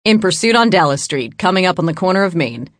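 A woman's voice: lowish voice, sing-song, quick pace, dry recording, clean studio sound. A woman voicing a dispatcher giving curt orders over a comm, in an audiobook. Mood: brisk.

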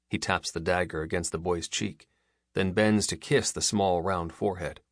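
A man narrating a story in a measured, even way, as an audiobook reader. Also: low-pitched, no room sound, clean studio sound. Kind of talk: scripted narration.

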